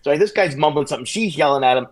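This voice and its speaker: A middle-aged man, a former police sergeant telling animated stories as a guest on a casual podcast. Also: fairly high pitch. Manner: fast, animated anecdotes with restarts.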